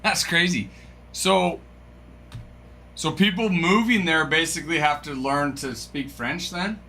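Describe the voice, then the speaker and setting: Bright clear guy rambling on a live stream, faint hum behind, just chatting with chat. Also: fairly high pitch, a little slow. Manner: chatty, musing aloud, reads from a screen, stumbles over French names. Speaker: card break streamer.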